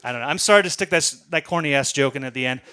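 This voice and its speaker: A man's voice: mid-range voice, very fast, sharp tone. A man doing a rambling, profane stand-up comedy set with a self-deprecating edge.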